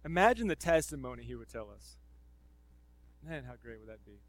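A man preaching a sermon in a casual, conversational way with slang, swinging between loud emphasis and near-murmured asides. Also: mid-range voice, big pitch swings, fairly quick, no echo, rough recording.

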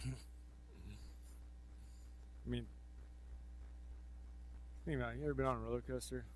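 A man preaching a sermon in a casual, conversational way with slang, swinging between loud emphasis and near-murmured asides. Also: medium pitch, steady tone, measured pace, slight background noise, low-quality recording.

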